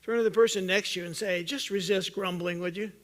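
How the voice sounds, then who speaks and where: Man, pastor, sermon, high voice, earnest, loud then hushed. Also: fairly even intonation, fast talker. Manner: earnest, swings from loud emphatic urging to soft low intensity; jokes with the congregation.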